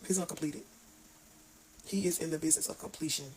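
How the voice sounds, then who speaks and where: An online devotional speaker, a woman, gives an earnest, informal talk, restarting and stumbling over her words as she reads scripture aloud haltingly. Her voice is low with a steady tone, and the poor audio carries crowd noise.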